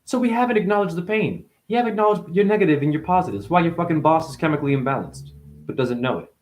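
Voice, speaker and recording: Very fast and animated, this man free-associates his way through a rambling spiritual talk while dealing with chronic pain. Profanity is constant, and his volume veers from loud bursts to mumbled asides.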